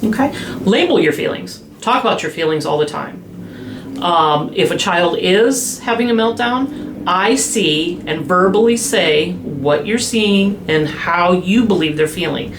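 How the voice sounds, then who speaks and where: A woman specialist in children's behavior explaining calming strategies in a podcast interview, slowing down gently when she models soothing phrases. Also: low-pitched, vocal fry, a little hiss or hum. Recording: echoey room with faint ambience.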